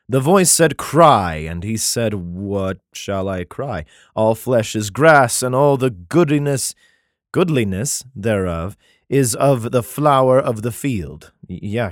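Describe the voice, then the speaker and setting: A man's voice: mid-range voice, no room sound, clean studio sound. Sarcastic man reading scripture aloud. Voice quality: profane, sarcastic asides. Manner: reads verses slowly and solemnly, then quips. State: congested, clearing his throat. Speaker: scripture reader and commentator. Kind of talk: bible reading with irreverent commentary.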